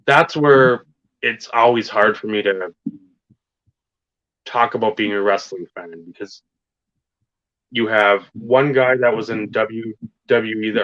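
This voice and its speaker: Foul-mouthed man with a low voice. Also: a bit bright, no echo. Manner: profane, rambling, emphatic wrestling fan talk. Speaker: podcast co-host. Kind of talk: casual podcast chat. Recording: dull lo-fi sound.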